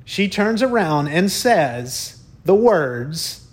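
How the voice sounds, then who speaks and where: Fairly high-pitched and slow-paced, a man tells his own story in a laid-back monologue. He gets excited, tends to stumble and repeat his words, and leans on "y'all" and mild cuss words.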